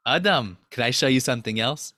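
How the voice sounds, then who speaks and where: A man's voice: mid-range voice, expressive, fairly quick, dry recording, studio quality, voice pushed down. A man voicing God as a patient, loving father figure, speaking tenderly and soothingly. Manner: tender, soothing, gently amused.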